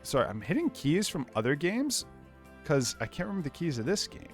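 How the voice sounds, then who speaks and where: A man's voice: on the high side, sing-song, a little fast, faint music behind. Chatty young man playing a game. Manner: rambling, chatty, talks to viewers and his dog. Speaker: gaming YouTuber. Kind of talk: casual let's play commentary. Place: small soundproofed home office.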